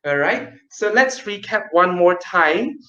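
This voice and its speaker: A man teaching an online kids' storytelling class, lively and playful, with dramatic pauses. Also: high voice, reverberant, highs cut off.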